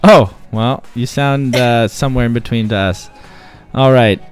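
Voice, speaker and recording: A man's voice: mid-range voice, unhurried, soft background music. A man hosting a casual livestream, upbeat and encouraging as he chats with a guest and his young son. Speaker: stream host and father.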